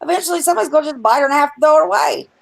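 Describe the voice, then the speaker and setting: Woman stream host, high voice, gravelly fry, blunt, profane, rambling. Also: very fast, low-quality recording. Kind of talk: casual chat.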